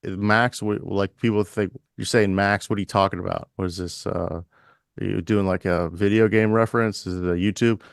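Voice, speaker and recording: A man co-hosting a podcast, chatting casually and riffing in a deadpan mock-announcer manner. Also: lowish voice, a little fast, gravelly, clear, resonant tone, dry recording, clean studio sound. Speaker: podcast co-host.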